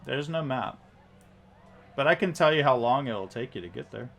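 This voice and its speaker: A man narrating a tabletop game as game master, halting often with ums and restarts. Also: medium pitch, lively intonation, gravelly, fairly bright tone.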